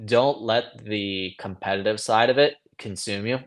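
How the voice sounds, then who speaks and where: A man's voice: lowish voice, a little slow. A man who races motocross, a guest on a podcast, talking earnestly and padding his sentences with "like" and "you know.". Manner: filler-heavy, earnest, says like and you know a lot. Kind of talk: casual interview chat.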